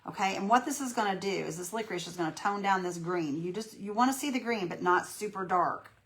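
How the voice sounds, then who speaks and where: A woman's voice: mid-range voice, fairly quick. A woman hosting a casual live painting tutorial, folksy and chatty, greeting viewers by name and talking herself through each step. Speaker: craft livestream host.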